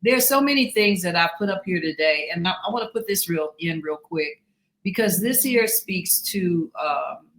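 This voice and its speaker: Hosting an informal live talk alongside her grown daughter, this mother has a lowish, fairly bright and animated voice at a moderate pace. Her manner is sincere and encouraging as she reads out viewer comments, frequently drifting off mid-sentence.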